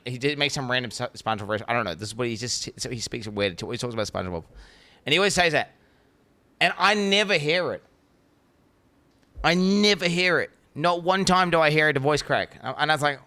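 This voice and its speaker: A young man streams a game from his home setup and rants excitably to his chat, swearing as he goes. His voice has a bright, sharp edge, close on a desk mic. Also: medium pitch, normal speed, long pauses. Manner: excitable, ranting, swears freely. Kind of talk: casual live-stream chat.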